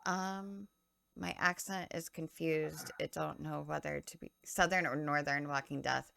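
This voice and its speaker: A woman co-hosting a podcast, chatting casually and rambling, often losing her train of thought and filling pauses with "um.". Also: sits low, steady tone, gravelly, a bit bright. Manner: filler-heavy, self-correcting. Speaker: podcast co-host. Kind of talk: casual live-stream chat.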